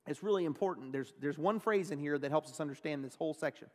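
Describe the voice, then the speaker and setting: A male pastor giving a sermon, earnest, slowing down and pausing to stress key phrases. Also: a little high. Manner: earnest preaching, pauses and slows down on key phrases. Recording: long reverb of a large hall.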